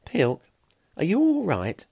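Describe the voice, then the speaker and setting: A man voicing Fiona, a bright and bashful Stone Age girl who speaks softly but briskly. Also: sits high, wildly swooping pitch, gravelly, breathy edge, no room sound, pitched above the performer's own voice, full character voice. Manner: soft and warm, briskly practical.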